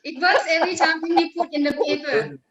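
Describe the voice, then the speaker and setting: A woman calmly explaining her orderly step-by-step approach on a panel. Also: very high voice, fairly quick, echoey room, highs cut off, background noise. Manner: calm, orderly, steps through a plan. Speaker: panel participant.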